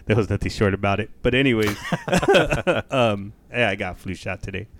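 A man co-hosting a casual podcast, telling profane, animated stories and acting out the voices of the people in them. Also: on the low side, moderate pace. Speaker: podcast co-host. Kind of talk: casual storytelling chat.

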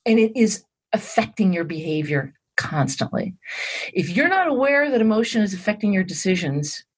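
Lively husky-voiced woman explaining. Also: mid-range voice, normal speed. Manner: animated, explains step by step with "all right" check-ins. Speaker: guest expert on emotional intelligence. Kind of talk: explanatory interview talk.

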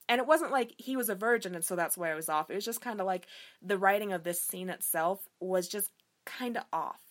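A woman hosting a book review podcast, chatting casually and frankly with lots of fillers and swearing. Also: mid-range voice. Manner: candid, profane, animated, frequent fillers. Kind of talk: casual chat.

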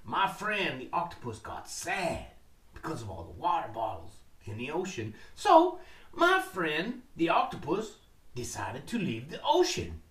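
Animated man telling a story. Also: fairly high pitch, unhurried, recorded from a distance. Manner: dramatic, calls out to listeners. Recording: roomy, from off mic.

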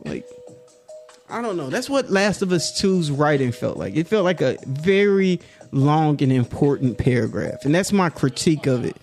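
A man's voice: medium pitch, very animated, a little slow, a little mellow, faint music behind. A man giving a rambling, joking monologue as a video creator, drifting into clumsy freestyle rap. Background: hip-hop beat playing.

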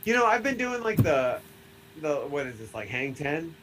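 A man's voice: a little high, sing-song, normal speed, fairly bright tone, a little hiss or hum, poor audio. A man with a Midwestern American accent co-hosting a casual podcast, rambling with many fillers and frequent laughter. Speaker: podcast co-host.

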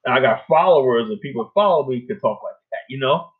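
A man's voice: medium pitch, lively intonation, fast talker. A man hosting a casual talk show, chatting loosely and often tagging his points with "you know what I'm saying". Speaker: host. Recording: phone-like narrow audio.

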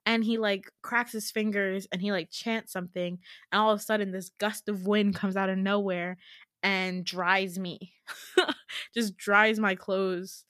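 A woman in her twenties, a podcast host, telling a story in a casual, animated way, giggling and swearing freely. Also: medium pitch, a little slow, no room sound, clean studio sound.

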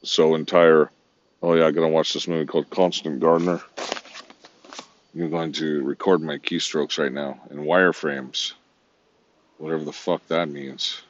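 Rambling deep-voiced man, lo-fi. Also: flat delivery, moderate pace, pauses often, a little hiss or hum. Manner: rambling, disjointed, profane. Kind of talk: rambling monologue.

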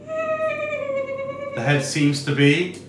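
A man's voice: extremely high pitch, wildly swooping pitch, drawn-out words, faint music behind. A man running a tabletop game as game master, describing scenes unhurriedly with many fillers. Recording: roomy echo, distant mic.

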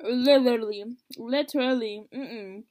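A woman's voice: fairly high pitch, a little slow, a little mellow. A young woman in casual podcast chat, ranting animatedly in slang and mimicking others' voices.

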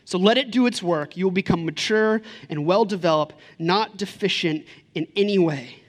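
A man in his thirties, a pastor preaching a sermon in a lively, conversational way, full of rhetorical questions. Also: high-pitched, normal speed, few pauses.

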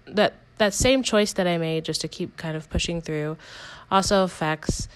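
A woman's voice: lowish voice, normal speed, clear, resonant tone, dry recording, rough recording. A young woman hosting a casual personal podcast, talking candidly in a rambling way with lots of "like" and self-corrections. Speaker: podcast host.

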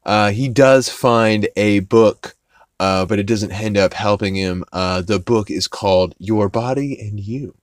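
A man's voice: on the low side, measured pace, no room sound. A man hosting a podcast, casually recapping an episode in a rambling, profane way with many fillers and restarts. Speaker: podcast host.

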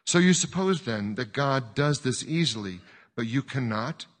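A man voicing a calm, wise woman who quietly presses a grieving father, speaking slowly and gently. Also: medium pitch, close to an everyday voice. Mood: probing. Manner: slow, quiet, gently probing. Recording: long hall reverb.

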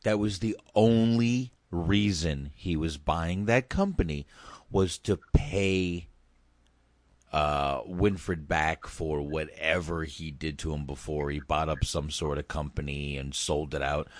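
A man's voice: extremely low pitch, slow pace, dry recording. A man giving casual, rambling reaction commentary on a film clip, swearing and restarting his sentences. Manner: rambling, profane, hesitant restarts.

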